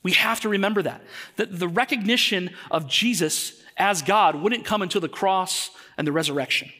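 Man preaching a sermon in a church, high voice, bright tone, conversational, asks questions. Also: normal speed. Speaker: pastor.

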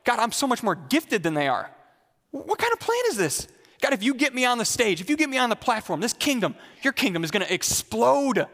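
A man's voice: very high voice, very animated, fairly quick, a bit bright, big-room sound, pitched above the performer's own voice, exaggerated voice. A preacher voicing a self-pitying male believer who whines and complains to God. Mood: whiny indignant. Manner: whiny, indignant, exasperated.

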